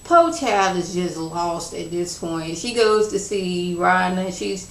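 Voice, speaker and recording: A woman's voice: lowish voice, animated, takes it slowly, slight background noise. A woman giving a casual spoken TV episode recap, chatty and slangy, full of "you know" and "like". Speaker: TV episode reviewer. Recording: echoey room.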